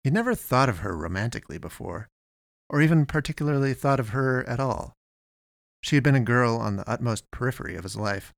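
A man narrating a story in a steady, measured voice, close to the mic. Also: medium pitch, gravelly, dry recording. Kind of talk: audiobook narration.

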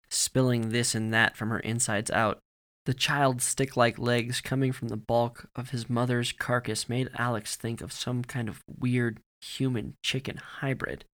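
A man narrates a grim story at a steady, deliberate pace. His voice sits in an ordinary middle register, and he keeps his reading even and controlled. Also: medium pitch.

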